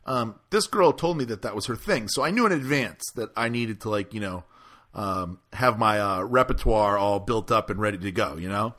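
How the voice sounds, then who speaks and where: A man with a bright, forceful voice tells a story on a podcast. He rambles and stumbles through it, piling up fillers in an easygoing, chatty way. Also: lowish voice. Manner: rambling, halting, many fillers. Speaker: podcast host. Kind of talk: casual storytelling chat.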